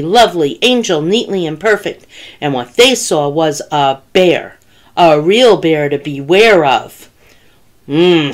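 A woman who works as a children's librarian, reading a picture book aloud with gentle, expressive storytelling. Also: lowish voice.

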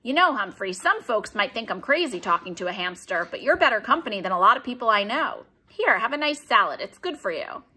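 A woman's voice: medium pitch, sing-song, fairly quick, hardly any pauses, sharp tone, breathy edge, exaggerated voice. A woman reading aloud, voicing a cheerful, talkative middle-aged male school janitor in a friendly, upbeat manner. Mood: chatty.

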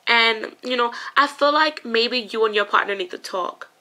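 Chatty bright-voiced woman tarot reader. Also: a little high, normal speed. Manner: chatty, emotional, swears casually, addresses viewers as honey and you guys. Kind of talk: casual spoken tarot reading.

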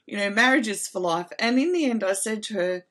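A woman's voice: medium pitch, lively intonation, fairly quick, a bit bright. Earnest middle-aged woman giving heartfelt advice. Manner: earnest, heartfelt, checks in with listeners. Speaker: host. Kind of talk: casual advice talk to viewers.

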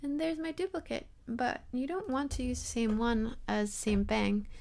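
A young woman talking casually through a software tutorial, rambling and self-deprecating, with lots of fillers. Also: fairly high pitch, moderate pace, creaky. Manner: rambling and chatty, full of fillers. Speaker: tutorial host.

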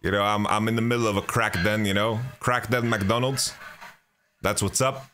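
A man's voice: on the low side, steady tone, moderate pace, pushed and bright, slight background noise. A man hosting his own podcast, telling a travel story in a loose, rambling way, swearing freely and often restarting his sentences. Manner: rambling, profane, lots of restarts and "you know". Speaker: podcast host.

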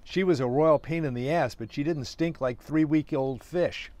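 A man's voice: on the high side, moderate pace, darkish tone, no echo, lightly acted. A man reading aloud, voicing a sarcastic woman archaeologist with dry wisecracking retorts. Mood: indignant.

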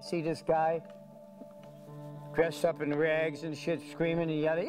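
Brief: candid interview man, higher pitch, profane, music bed below. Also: steady tone, normal speed, long pauses, a little mellow, rough recording. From New York. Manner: blunt, profane, rambling with "you know". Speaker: documentary subject. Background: background music.

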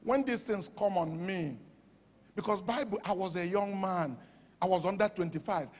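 A Nigerian-accented male pastor preaching with fervour. His voice sits high and slightly husky, and it rings through a long hall reverb. He swings from shouted peaks to hushed asides. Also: normal speed. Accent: Nigerian English. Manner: fervent, shouting at peaks, dropping to a hush for quoted asides. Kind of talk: sermon. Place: church hall.

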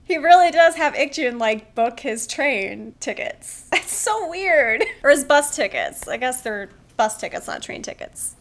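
Woman reacting to a drama, high bright voice, very animated, laughs and gasps a lot. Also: measured pace. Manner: excitable, laughs and gasps often; emotional, near tears. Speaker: reaction video host. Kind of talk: casual drama reaction commentary.

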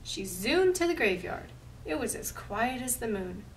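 Slow, gravelly woman reading a picture book. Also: a little high, very animated, distant mic, a little hiss or hum, poor audio. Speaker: library storyteller. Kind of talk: picture-book read-aloud.

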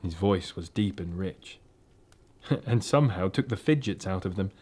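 A man's voice: low voice, lively intonation, measured pace, a little mellow. Man reading a storybook aloud. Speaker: reader.

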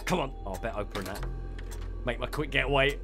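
A young man giving excitable let's play commentary, muttering one moment and shouting or laughing the next. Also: medium pitch, fairly quick, music in the background. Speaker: gaming YouTuber.

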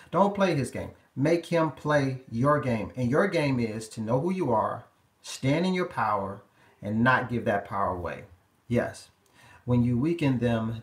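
A man's voice: medium pitch, reverberant. A man, a relationship life coach, giving emphatic, repetitive advice straight to his viewers on a live stream.

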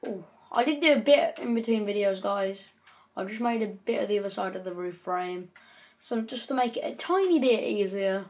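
A woman's voice: mid-range voice, lively intonation, normal speed. A woman giving chatty gameplay commentary, breaking into frequent frustrated outbursts. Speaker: gaming channel host.

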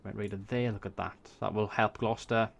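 A man's voice: fairly low pitch, fairly even intonation, fairly quick, gravelly. A Welsh man casually thinking aloud as he commentates a strategy game, swearing when surprised. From Wales. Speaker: gaming YouTuber. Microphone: desk USB microphone.

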